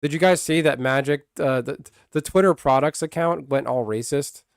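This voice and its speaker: A man's voice: on the high side, moderate pace, gravelly, smooth, dry recording, clean studio sound. A man streaming, ranting casually and bluntly with profanity, restarting his sentences often. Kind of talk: casual livestream rant.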